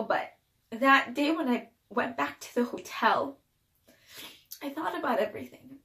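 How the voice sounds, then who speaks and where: A young woman with a fairly high voice tells her personal story through tears, halting and restarting her sentences. She sounds emotional and shaken. The recording has a noticeable room echo. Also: fairly bright tone. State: crying. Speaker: vlogger telling her own story. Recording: echoey room.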